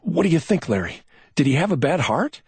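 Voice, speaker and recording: A man voicing a panicked male naval officer who shouts and stammers in a crime audiobook. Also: a little high, sing-song, brisk, husky, no room sound, clean studio sound, voice pushed up, full character voice.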